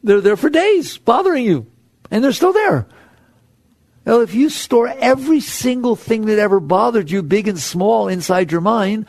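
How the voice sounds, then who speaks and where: A man giving a spiritual talk to an audience, conversational and animated, acting out the voices in people's heads. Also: high-pitched, creaky, slightly rough, no echo. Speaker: spiritual teacher.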